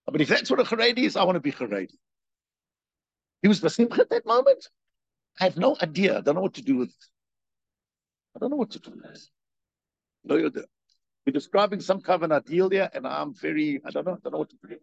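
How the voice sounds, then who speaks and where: A man giving a spoken religious lecture, animated, firing rhetorical questions and repeating himself. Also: a little high, quick pace, vocal fry, pauses often, no echo. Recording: dull, dry lo-fi recording.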